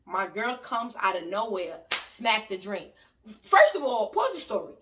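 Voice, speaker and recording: A woman from New York with a New York accent, telling a story in an animated, loud and slangy way and talking to her viewers. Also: medium pitch, unhurried, noisy background. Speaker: vlogger. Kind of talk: storytime vlog. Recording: voice a bit distant from the mic.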